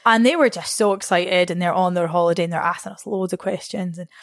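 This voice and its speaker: A young adult woman from Scotland, talking casually as a guest. She is chatty, laughs often and jumps up in pitch when she acts out what people said. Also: fast talker, no room sound, clean studio sound. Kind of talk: casual storytelling interview.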